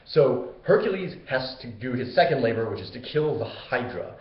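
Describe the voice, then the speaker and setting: A man retells an old myth as a loose comedy monologue, wandering into fillers and jokey asides. His voice sits at an ordinary pitch. The recording is roomy and slightly muffled. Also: very animated, normal speed. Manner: rambling, casual, full of fillers and asides. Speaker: host. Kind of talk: comedic storytelling.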